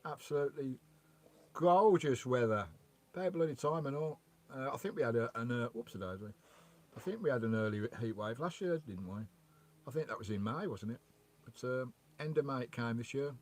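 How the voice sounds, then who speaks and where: A man's voice: mid-range voice, animated, a little fast. A man hosting a casual live stream outdoors by a loch, chatting away and greeting viewers as he reads their messages, on a remote mic. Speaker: vanlife livestream host. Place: outdoors by a loch beside his van. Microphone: remote microphone.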